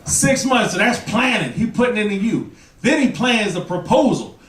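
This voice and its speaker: A man with an expressive, high-pitched voice speaks at normal speed during his stand-up set, talking to the crowd and impersonating people he mocks. He's recorded from a distance in a roomy club with slight background noise, a loud audience laughing and applauding.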